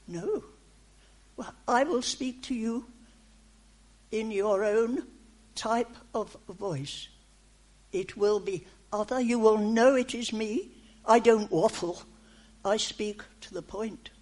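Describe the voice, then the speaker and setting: Woman, prophetic speech, unhurried, measured, reassuring, repeats short phrases. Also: mid-range voice, a little mellow. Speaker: speaker delivering a prophetic message. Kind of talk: prophetic speech in the first person as God.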